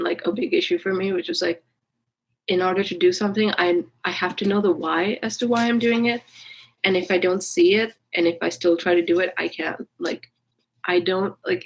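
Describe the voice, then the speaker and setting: On a rough recording, a woman with a lowish voice vlogs casually about her own life. She's candid and swears casually, rambling with many restarts and fillers.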